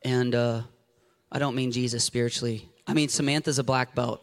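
A man preaching an animated, jokey sermon to a congregation, acting out scenes with a volunteer from the audience. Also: mid-range voice, moderate pace. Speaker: pastor. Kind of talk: lively sermon with audience interaction. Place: church sanctuary before a congregation.

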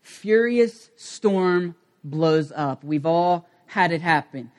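Middle-aged male pastor, dramatic sermon delivery, unhurried with loud bursts and hushed stretches. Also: a little high, lively intonation. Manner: dramatic, swings from loud acted outbursts to quiet intensity.

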